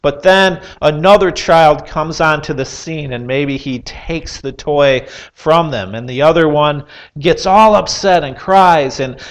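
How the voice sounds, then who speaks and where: A man preaching a sermon, earnest and measured, putting rhetorical questions to his listeners with pauses and the odd filler. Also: a little high. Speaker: pastor.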